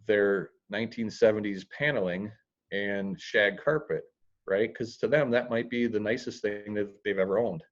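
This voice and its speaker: A man talking as a guest in an interview about real estate, plain-spoken and blunt, with dry humor and the odd crude word. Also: fairly low pitch. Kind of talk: podcast interview. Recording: dull lo-fi audio.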